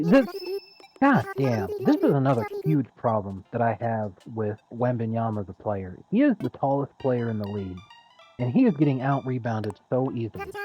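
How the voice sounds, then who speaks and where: A woman with a strikingly low voice rants in casual chat over game music. Her pitch swings widely as she swears and vents. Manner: animated, profane ranting. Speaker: streamer.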